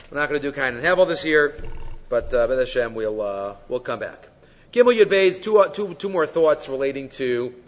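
Man, Torah teacher, high voice, muffled recording. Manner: animated, mixes Hebrew quotes into English explanation; asks rhetorical questions. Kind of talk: weekly Torah class. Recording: muffled audio, long hall reverb.

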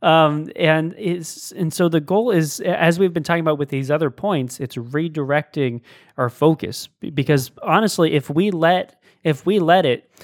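A man co-hosting a casual faith discussion, speaking in a halting way with many fillers and restarts. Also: a little high, dry recording, clean studio sound. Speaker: podcast co-host.

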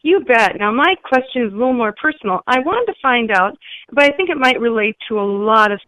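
Bright-voiced earnest woman caller. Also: on the high side, expressive, a little fast, no echo, low-quality recording. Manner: earnest, searching. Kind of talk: phone-in question.

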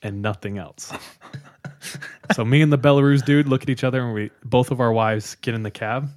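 A young man hosting a podcast, telling a travel story in a casual, animated way, laughing often and acting out the people in it. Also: mid-range voice, brisk, no room sound, studio quality. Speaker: podcast host. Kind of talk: casual storytelling among friends.

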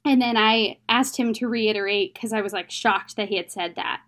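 A woman's voice: mid-range voice, moderate pace, fairly bright tone. A young adult woman, an interview guest, telling a personal story in a candid, emotional, plain-spoken way.

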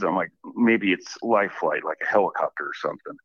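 Male caller, rambling animated storyteller, lowish voice, muffled dry phone audio. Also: a little fast, slightly rough, no echo. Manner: rambling, animated retelling with many "I'm like" asides. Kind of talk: casual storytelling.

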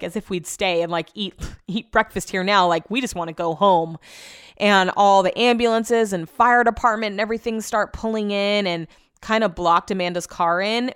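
A young adult woman casually retelling a personal story, emphatic and animated, with lots of filler words. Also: mid-range voice, clear, resonant tone.

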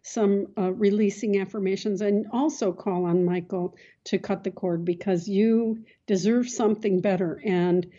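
Mellow psychic radio host, woman. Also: mid-range voice, fairly even intonation, normal speed, few pauses, highs cut off. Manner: soothing, calls callers honey. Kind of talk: call-in advice show.

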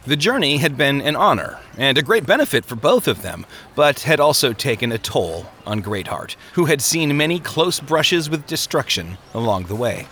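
A man reading a story aloud as narrator, with an expressive delivery. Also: mid-range voice, normal speed, few pauses, slight background noise.

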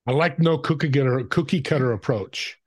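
An older man hosts a casual interview and answers his guest with enthusiastic agreement. His voice sits at a middle pitch. The recording is dry and close, with no room sound. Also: fairly quick, a little mellow, no echo. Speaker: host.

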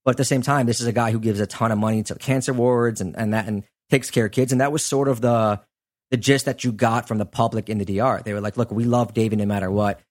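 A man's voice: mid-range voice, fairly even intonation, quick pace. A man hosting a podcast, telling a true-crime story in a casual, conversational way with frequent asides. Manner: conversational, chatty, lots of "like" and "you know" asides. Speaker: podcast host.

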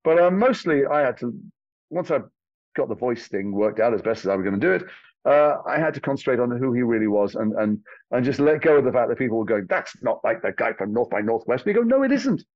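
A man's voice: mid-range voice, expressive, quick pace, no room sound, highs cut off. A man from England, an actor, telling stories animatedly in an interview, swearing casually. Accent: Liverpool and London English. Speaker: actor guest. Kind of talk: interview conversation.

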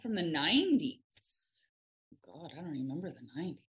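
A woman talking as a podcast guest in casual chat, animated, laughing often and swearing freely. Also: low voice, a little fast.

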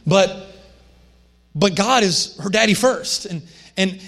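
A man's voice: sits high, fairly bright tone. A man preaching a sermon as a pastor, in a conversational manner with frequent restarts and asides.

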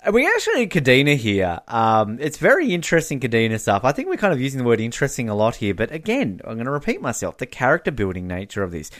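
A man's voice: medium pitch, wildly swooping pitch, quick pace, few pauses, fairly bright tone. An Australian man co-hosting a podcast, chatting casually and recapping a reality show, laughing often and acting out quotes. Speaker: podcast co-host.

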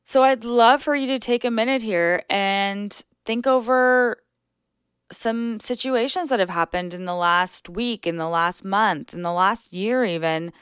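A woman hosts a solo podcast in a relaxed, conversational way, earnest and reflective as she gently coaches her listeners. Her voice sits at a middle pitch for a woman. The recording is dry and close, with no room sound. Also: clean tone, dry recording. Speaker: podcast host. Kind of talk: casual solo podcast talk.

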